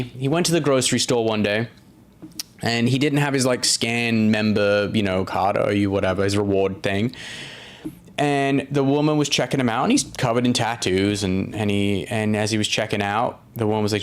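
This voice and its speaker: A man of middle pitch hosting a casual stream, talking off the cuff. He rambles, stumbles over restarts and fillers, and swears freely as he chats through comments. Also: steady tone, moderate pace. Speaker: podcast host reading viewer comments. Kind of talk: casual live-stream chat.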